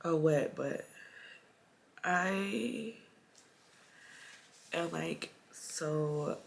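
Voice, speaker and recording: Slow, gravelly young woman, tearful. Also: deep voice, soft background music. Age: late 20s. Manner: soft, halting, with sighs and pauses. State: tearful, holding back crying. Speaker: vlogger. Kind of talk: personal vlog monologue.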